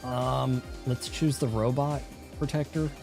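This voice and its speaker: A man's voice: mid-range voice, fairly even intonation, takes it slowly, vocal fry. A man streaming live gameplay, rambling and cracking jokes as he plays, with game music behind him. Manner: rambling, joking asides while playing.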